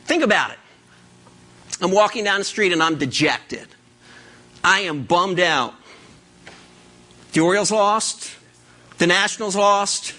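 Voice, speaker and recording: A man preaching a sermon as pastor, lively and conversational, acting out what imagined listeners would say. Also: high voice. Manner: animated, acts out imagined listeners.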